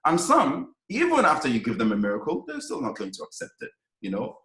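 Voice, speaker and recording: A man's voice: medium pitch, wildly swooping pitch, a little fast, a bit bright, roomy sound, poor audio. A man teaching Quranic Arabic in a lecture, explaining step by step and often checking in with "right?". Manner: explanatory, frequent "right?" check-ins, emphatic.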